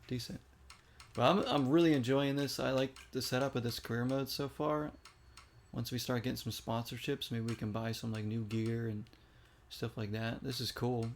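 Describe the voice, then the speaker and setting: A man with a medium-pitched voice gives casual, chatty commentary while playing a video game, reacting aloud to each shot as a gaming streamer. The recording carries a little hiss or hum.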